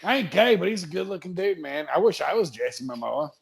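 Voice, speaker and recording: A man's voice: sits high, big pitch swings, fast talker, gravelly, a crowd in the background. A young man hosting a comedy podcast, joking crudely and laughing often. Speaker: podcast host. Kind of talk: casual comedy podcast chat.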